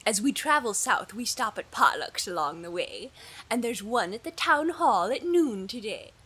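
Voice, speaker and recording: Woman voicing a high, lilting lady goose for a storybook: polite, soft-spoken, helpful tourist. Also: expressive, moderate pace, husky, full character voice. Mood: friendly. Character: friendly female tourist goose.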